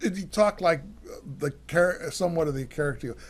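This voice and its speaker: A man's voice: fairly high pitch, fairly quick. An older American man co-hosting a cooking show, chatting casually with lots of fillers and restarts. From United States. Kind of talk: casual chat.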